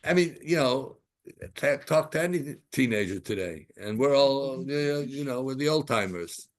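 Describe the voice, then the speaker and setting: An older man in his sixties gives a Torah class, his voice rising and falling widely as he fires off rhetorical questions. He teaches through stories in an animated, conversational way, and his voice sits in an ordinary middle register. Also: mid-range voice, normal speed.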